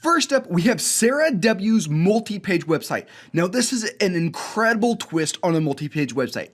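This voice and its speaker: An energetic young man hosts a coding school showcase, playing student-made games and cheering them on. His voice sits high, and he jokes about how bad he is at games. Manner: energetic, enthusiastic, self-mocking. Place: indoor studio with green screen.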